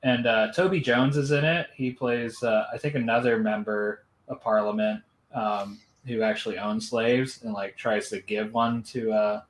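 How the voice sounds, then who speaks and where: A man's voice: lowish voice, steady tone, normal speed, hardly any pauses, low-quality recording. A man chatting on a live stream. He talks hesitantly with many fillers and a dry, sardonic edge. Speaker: stream panelist. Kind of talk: casual chat.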